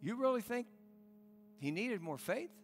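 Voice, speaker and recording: Male pastor, high voice, earnest sermon with pleading questions, long reverb from the church room. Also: very animated, unhurried, a little hiss or hum.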